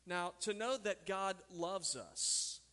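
A man's voice: sits high, slow pace, pushed and bright. A man from Texas preaching a sermon as pastor, telling stories in a conversational way and asking the congregation questions. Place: church sanctuary. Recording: reverberant hall.

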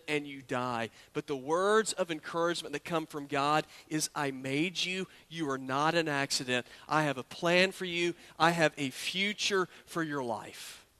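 A man's voice: on the high side, pushed and bright. A man preaching a sermon in an earnest, conversational way, often repeating words as he builds a point. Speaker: pastor.

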